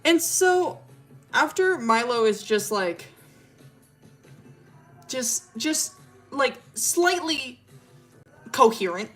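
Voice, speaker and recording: A woman's voice: high-pitched, lively intonation, extremely slow, long pauses, faint music behind. A young woman streamer casually telling a rambling story, full of fillers and laughter.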